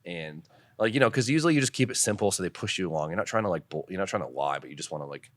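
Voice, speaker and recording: Young man, very low voice, dry close mic, casual podcast storytelling, animated, swears, laughs a lot. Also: racing, no room sound. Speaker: podcast guest, car builder and drifter.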